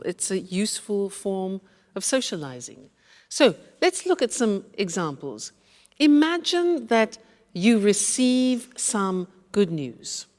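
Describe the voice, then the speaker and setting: A woman's voice: fairly low pitch, in a large hall. A woman teaching English phrases, repeating each one patiently for learners. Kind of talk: slow explanatory lesson.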